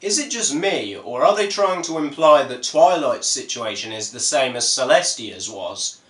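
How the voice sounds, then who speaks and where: A man's voice: medium pitch, lively intonation, moderate pace, a bit bright, soft background music. Musing man in a roomy space. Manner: musing, questioning. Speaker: fan reviewer. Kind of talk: reaction commentary.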